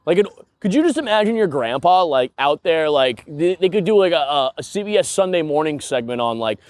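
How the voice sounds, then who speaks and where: A man's voice: a little high, expressive, a little fast, dry recording. A young man hosting a podcast, rambling through a casual comedic monologue and laughing at his own stories. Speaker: podcast host.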